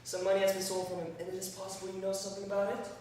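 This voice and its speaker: A man playing a soft-spoken police officer in a stage comedy, calm and coaxing as he questions people. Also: sits high, racing, natural voice. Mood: soothing. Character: mild-mannered male police officer, soothing. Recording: echoey hall, far from mic, background noise.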